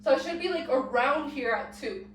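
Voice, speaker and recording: A woman's voice: sits high, expressive, normal speed, a bit bright, distant mic, slight background noise. A young woman, sick and out of breath, teaching a dance step by step and counting the beats aloud while she moves. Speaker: dance tutorial host. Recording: echoey room, voice off-mic.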